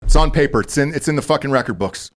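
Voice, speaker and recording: A man's voice: mid-range voice, animated, fast talker. A man co-hosting a sports talk show, brash and mocking, swearing often in heated banter. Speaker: podcast co-host.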